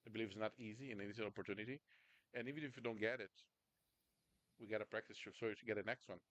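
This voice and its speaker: An American communication coach runs a video-call session, chatting casually and constantly checking in with his student through "right?" and "understand?". His voice is lowish and fairly bright, steady in tone though racing in pace. There's no room sound.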